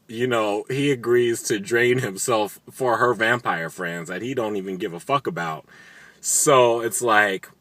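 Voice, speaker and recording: A man's voice: fairly low pitch, pushed and bright, no room sound. A man casually recapping a TV episode, chatty, sarcastic and profane. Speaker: video recap host.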